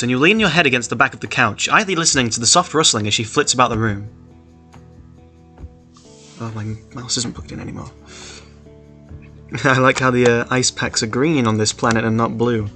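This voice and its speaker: A man's voice: medium pitch, bright, forceful tone. A man casually reading a story aloud and stopping often to comment on it. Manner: chatty, laughs often, comments between passages. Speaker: reader of an online story.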